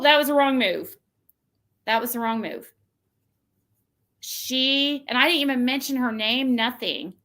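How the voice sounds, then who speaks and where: Woman, high voice, casual livestream rant, exasperated, venting. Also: unhurried, pauses often, pushed and bright. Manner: venting, exasperated, mocks quoted texts in a shrill voice. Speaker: channel host.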